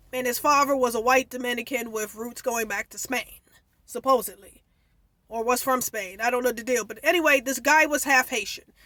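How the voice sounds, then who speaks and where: Bright-voiced opinionated woman vlogger. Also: sits high, dry recording. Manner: opinionated, digressive, explains history. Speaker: commentary vlogger. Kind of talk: casual commentary.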